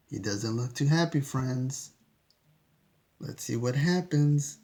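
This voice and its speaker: A man's voice: medium pitch, takes it slowly, long pauses, a little mellow. A man reading a picture book aloud to children, chatty and asking listeners questions between pages. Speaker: storyteller. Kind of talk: children's read-aloud storytime.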